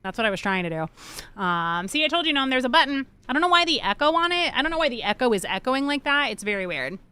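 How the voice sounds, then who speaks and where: Young woman streamer rambling and cursing, kinda high, super bright crisp voice. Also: very animated, fast talker. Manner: rambling, joking, swears freely. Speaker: livestreamer. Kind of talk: casual chat while gaming.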